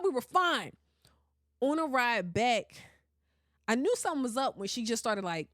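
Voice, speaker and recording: A woman hosting a podcast, telling a story in casual chat, animated and often laughing and swearing. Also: on the high side, no echo, clean studio sound. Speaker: podcast host.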